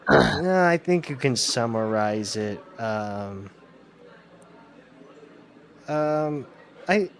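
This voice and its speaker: A man's voice: medium pitch, big pitch swings, very slow. Guy asking questions bout a book, laughs a lot, swears some. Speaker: podcast co-host. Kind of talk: casual book discussion.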